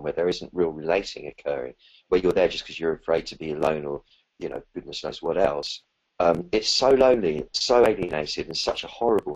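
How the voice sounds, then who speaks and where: Man, very low voice, husky, spiritual teacher, live Q&A, rambling with fillers. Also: low-quality recording. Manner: warm, earnest, rambling with fillers and restarts. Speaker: spiritual teacher answering questions. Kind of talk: live Q&A talk.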